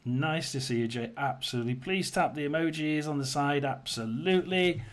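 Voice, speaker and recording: A man's voice: on the high side, normal speed. A man hosting a casual livestream, chatting with viewers and reading their comments, rambling with many fillers and restarts. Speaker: livestream host.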